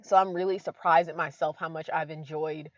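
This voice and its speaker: A woman's voice: deep voice, fairly even intonation, fairly quick, dry recording, highs cut off. A woman vlogging from inside her car, chatty and emotional, with many fillers. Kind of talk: casual vlog talk to camera.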